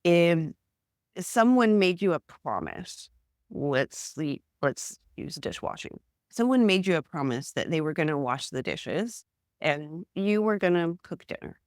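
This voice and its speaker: A woman speaking as a guest therapist in a casual podcast conversation, frank and animated, acting out everyday examples. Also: on the low side, measured pace, no echo, clean studio sound.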